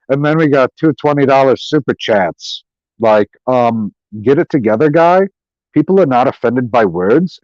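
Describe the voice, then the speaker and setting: Male streamer, profane sarcastic rant, slow drawl with big pitch swings, muffled dry mic. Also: breathy edge, no room sound. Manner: animated, profane, sarcastic mimicry of others. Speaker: live stream host. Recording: dull, dry lo-fi stream audio.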